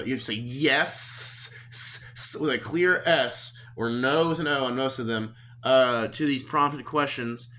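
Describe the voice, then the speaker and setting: Oklahoma guy, podcast host, quick and profane, sharp tone. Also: mid-range voice, slight background noise. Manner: profane, rambling storytelling. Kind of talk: casual chat.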